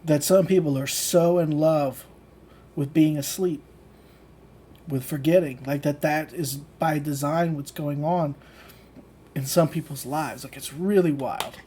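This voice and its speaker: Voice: mid-range voice, fairly even intonation, a little slow, dark tone, breathy edge. A channel host giving a casual livestream rant, blunt and profane, loose and conversational with lots of fillers. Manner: laughs between points. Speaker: channel host teaching manifestation.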